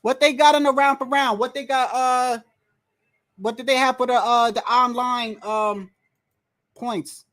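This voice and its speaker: A livestream host giving casual, excitable fight commentary from home, full of slang, cursing and restarts. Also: medium pitch, a little slow. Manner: excitable, loud outbursts, frequent slang and cursing; rambling restarts and repeated words. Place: indoors at home, wind and street heard outside.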